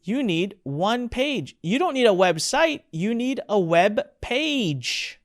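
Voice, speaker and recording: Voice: mid-range voice, big pitch swings, slow. A presenter voicing a blunt, impatient mentor who cuts straight to the point, in a live online class. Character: blunt anonymous mentor giving advice.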